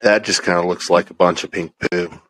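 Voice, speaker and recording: A man's voice: low voice, fairly even intonation, fairly quick, fairly bright tone, rough recording. A man, co-hosting a podcast in casual, rambling chat. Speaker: podcast co-host.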